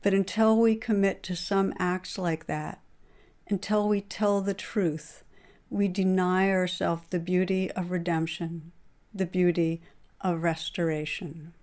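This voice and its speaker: A middle-aged woman giving a dharma talk as a meditation teacher, retelling a story in a calm, measured way. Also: lowish voice.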